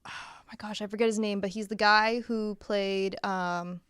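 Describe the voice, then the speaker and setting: A woman co-hosting a laid-back podcast, her voice smooth and clear at a middle pitch. She chats loosely, circles back with fillers and restarts, and breaks into laughs often. The sound is close and dry. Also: fairly even intonation, normal speed, a bit bright, dry recording. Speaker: podcast co-host. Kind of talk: casual podcast chat.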